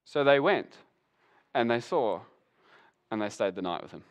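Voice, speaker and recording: Lively pastor preaching. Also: male voice, mid-range voice, unhurried. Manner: animated storyteller, acts out the voices of Bible figures. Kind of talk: sermon.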